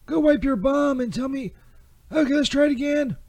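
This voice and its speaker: A squeaky-high, mellow-toned Saint Peter, put on by a man, fumbles through a crude comedy ad, restarting and second-guessing every take. He stammers and drifts into sarcasm. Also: normal speed. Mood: fumbling. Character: bumbling crude male Saint Peter doing ad takes. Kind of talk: comedy ad-read sketch.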